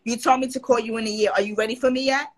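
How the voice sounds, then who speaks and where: A woman's voice: on the high side, racing, low-quality recording. A woman guest in a casual interview, telling stories animatedly and acting out what others said. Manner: animated, quotes others in put-on voices.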